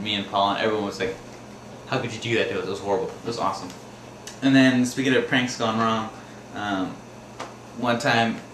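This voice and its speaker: A man's voice: medium pitch, fairly bright tone. A man casually telling funny and scary stories from his life, rambling and laughing as he goes, acting out the screams. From Wisconsin, USA. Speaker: storyteller. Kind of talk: casual personal storytelling. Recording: echoey room with faint background noise.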